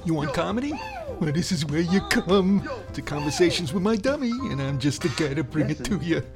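A man's voice: on the high side, a little fast. A male podcast host and ventriloquist with a mid-range voice that moves around a lot. He cracks puns and plays the dry straight man, over faint music in the background. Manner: jokey, punning, deadpan straight man. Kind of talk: comedy podcast banter.

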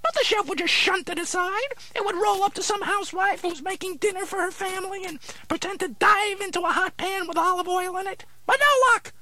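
A man voicing a cranky male dummy who plays a vegetable therapist, gruff, impatient and sarcastic. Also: very high voice, a little fast, hardly any pauses, pushed and bright, pitched above the performer's own voice, exaggerated voice. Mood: deadpan. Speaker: ventriloquist's dummy. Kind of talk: ventriloquist comedy routine.

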